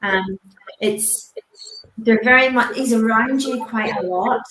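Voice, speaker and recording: Halting woman medium in a roomy space. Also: fairly high pitch, a loud crowd. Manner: halting, with frequent "um" and "I want to say". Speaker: psychic medium guest. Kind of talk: spiritual reading on a chat show.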